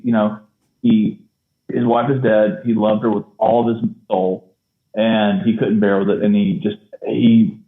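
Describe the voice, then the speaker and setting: A man co-hosting a casual film discussion podcast, animated and laughing often. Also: mid-range voice, roomy sound. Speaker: podcast co-host. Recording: tinny phone-like line.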